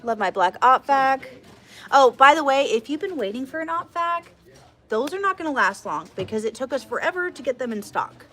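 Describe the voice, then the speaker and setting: A woman hosting a casual livestream as media director, chatty and animated, often laughing. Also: high-pitched, normal speed. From Texas.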